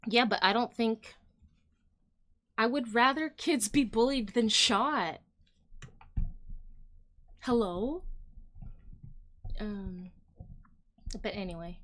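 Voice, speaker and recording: A woman streamer talking to her chat at a slow, unhurried pace, with her pitch in an ordinary middle range. She rambles, fills gaps with "like" and "um," and often trails off mid-thought. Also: fairly bright tone. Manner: rambling, heavy use of "like" and "um", trailing off; chatty, addresses viewers directly. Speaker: livestream host. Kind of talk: casual opinion livestream, reacting to chat.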